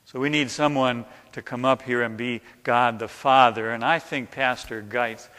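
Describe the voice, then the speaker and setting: A man, a pastor, leads an interactive chapel talk, coaxing listeners in an animated way to act out the story. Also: medium pitch, moderate pace. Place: large chapel. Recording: reverberant hall sound.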